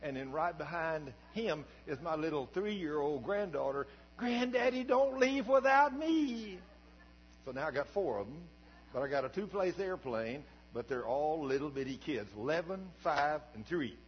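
Older folksy preacher in a reverberant hall. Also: male voice, on the high side, normal speed. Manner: folksy, animated, swings from quiet to shouting. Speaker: pastor. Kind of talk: sermon storytelling. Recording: dull recording with long hall reverb and mains hum.

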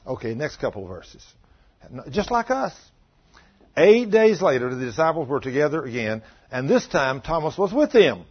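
Husky-voiced man preaching a sermon. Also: fairly high pitch, very animated, normal speed. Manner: dramatic storytelling with acted quotes and questions to the congregation. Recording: dull lo-fi sound.

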